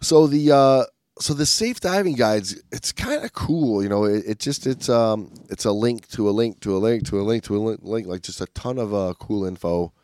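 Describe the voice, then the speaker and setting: A man's voice: fairly low pitch, moderate pace, a little mellow, dry recording. A man co-hosting a podcast in casual chat, rambling and upbeat with lots of fillers and restarts. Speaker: podcast co-host.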